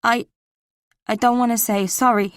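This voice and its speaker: A woman's voice: a little high, steady tone, moderate pace, clear, resonant tone, no echo, clean studio sound, voice pushed up, close to an everyday voice. A woman narrator voicing a woman posing as a nervous teenage boy on a phone call, with a Boston accent, stammering and trembling.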